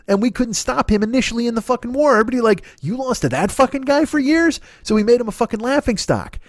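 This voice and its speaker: A man's voice: high-pitched, darkish tone, no echo, studio quality. Profane rambling male comedy host. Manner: profane, digressive, self-correcting. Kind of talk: rambling comic monologue.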